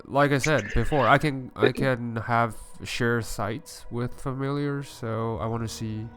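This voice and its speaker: A man playing a casual tabletop game, explaining his plans haltingly with fillers. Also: mid-range voice, fairly even intonation, a bit bright. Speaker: player.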